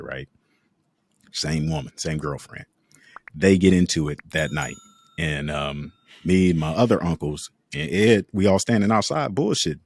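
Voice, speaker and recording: Animated man telling stories, very lively pitch. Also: dry recording. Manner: animated, laughs often, acts out voices in stories. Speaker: podcast co-host. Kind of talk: casual storytelling.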